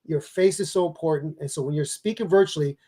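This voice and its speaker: High-voiced energetic man giving speaking tips. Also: fast talker. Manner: energetic, emphatic coaching delivery. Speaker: public speaking expert and author. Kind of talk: giving advice in an interview.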